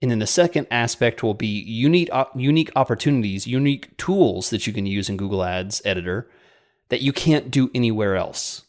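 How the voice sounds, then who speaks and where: A man's voice: medium pitch, fairly quick. A man co-hosting a podcast in casual chat, chatty and joking with sarcastic asides. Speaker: podcast co-host.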